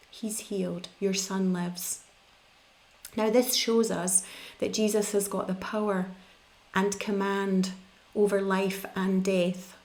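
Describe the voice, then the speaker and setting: A woman's voice: mid-range voice, darkish tone. A middle-aged woman from the UK preaching a sermon, explaining scripture in a conversational teaching manner.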